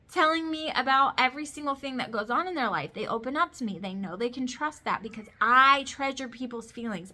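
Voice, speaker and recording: Brief: chatty thirtysomething mom vlogger, higher pitch, bright and forceful tone, rambling storyteller. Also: female voice. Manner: chatty, emphatic, storytelling with lots of "like". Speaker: vlogger, mother of boys. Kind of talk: casual talking-to-camera chat.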